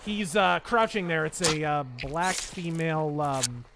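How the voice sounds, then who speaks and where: A man's voice: on the high side, measured pace, creaky, very noisy. A man live-streaming a shooter game, chatting bluntly and swearing as he plays and answers viewers. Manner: profane, blunt, laughs easily. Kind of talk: casual live-stream chat while gaming.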